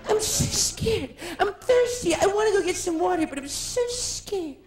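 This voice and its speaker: A man impersonating a jittery, overwhelmed female stage diva, in nervy, sing-song, drawn-out phrases. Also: extremely high pitch, lively intonation, pitched above the performer's own voice. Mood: nervous giddy. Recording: echoey live room with audience.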